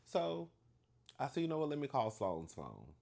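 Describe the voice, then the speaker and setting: A man telling a story to the camera in a chatty, animated way, acting out the dialogue with big emphasis and calling the listener "girl". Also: medium pitch, moderate pace, gravelly. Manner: acts out dialogue with exaggerated emphasis.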